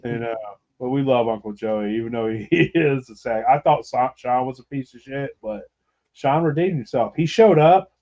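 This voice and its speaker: A man's voice: medium pitch, moderate pace, warm tone, lo-fi sound. A man hosting a podcast, telling a rambling, profane story with laughter in casual chat. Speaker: podcast host.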